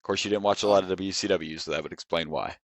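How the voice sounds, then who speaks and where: A man co-hosting a podcast that reviews wrestling, talking in a relaxed, rambling way with frequent chuckles. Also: deep voice, fast talker, slight background noise. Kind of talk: casual chat.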